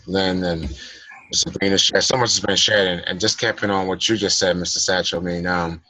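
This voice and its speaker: A man's voice: sits low, steady tone, brisk, bright, forceful tone, low-quality recording. A man speaking as a guest in a personal development class, earnestly coaching listeners and rephrasing his points. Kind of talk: motivational talk.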